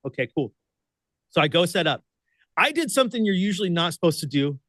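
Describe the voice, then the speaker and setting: A man from Oregon who works as a radio producer and host is a guest here, telling a story with lots of laughter and acted-out voices. His voice sits high and he talks briskly, with no echo in the recording. He's excitable and laughs often, and the whole thing is animated storytelling.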